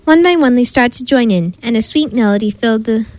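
High-voiced woman reading a picture book aloud. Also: fairly quick, poor audio. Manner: gentle, expressive, imitates animal sounds. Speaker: storybook reader.

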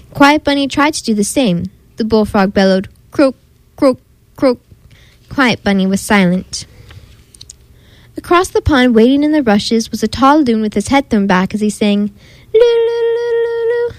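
A woman reading a children's picture book aloud in a gentle, expressive way, playfully imitating the animal sounds. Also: a little high, moderate pace, no room sound, low-quality recording. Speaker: storybook reader.

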